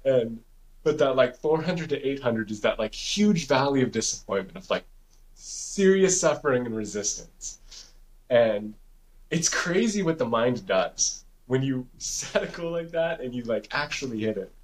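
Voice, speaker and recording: A man's voice: mid-range voice, lively intonation, moderate pace, low-quality recording. A young man co-hosting a podcast in casual chat, telling a story with a lot of swearing and acting out his own past thoughts. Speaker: podcast co-host.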